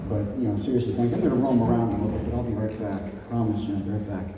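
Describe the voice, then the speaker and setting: A man's voice: fairly low pitch, fairly even intonation, very fast, background noise. A man in his fifties giving a rambling, joking and sentimental wedding toast as the groom's old friend. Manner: rambling, joking, sentimental, shouts out crowd cheers. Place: wedding reception hall. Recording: echoey hall, mic from a distance.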